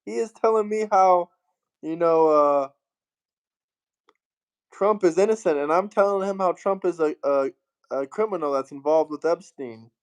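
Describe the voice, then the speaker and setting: A man's voice: a little high, a little slow, long pauses. A man hosting a casual livestream, reading out viewer comments and thanking them in an upbeat way. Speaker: livestream host.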